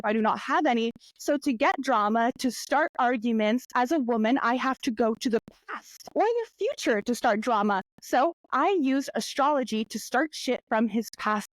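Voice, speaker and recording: A young woman hosting a podcast, chatting and telling stories in a lively way, often jumping up into high voices when she quotes people. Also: no echo. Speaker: podcast host. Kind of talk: casual solo podcast storytelling.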